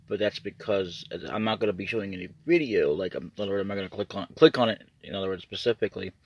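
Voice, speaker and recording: A man giving a casual, rambling update to his channel's viewers, restarting sentences often. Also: on the low side. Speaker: YouTuber.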